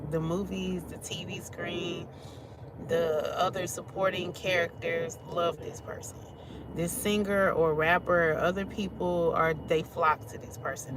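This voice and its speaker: A woman with a lowish voice runs a casual tarot reading, chatting loosely and breaking into laughs as she talks. Traffic noise hums clearly behind her the whole time. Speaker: tarot reader.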